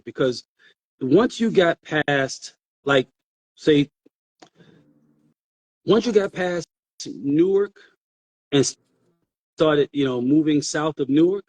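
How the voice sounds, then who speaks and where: A man's voice: on the high side, slow pace, long pauses. A middle-aged man, a father co-hosting a casual podcast, telling stories and repeating words as he thinks. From New York. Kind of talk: casual chat.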